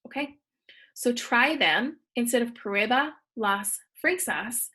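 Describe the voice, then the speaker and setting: Breathy woman teaching from slides. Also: a little high, lively intonation, takes it slowly, pushed and bright. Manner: patient, step-by-step explaining. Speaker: Spanish teacher. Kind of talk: recorded slideshow lesson.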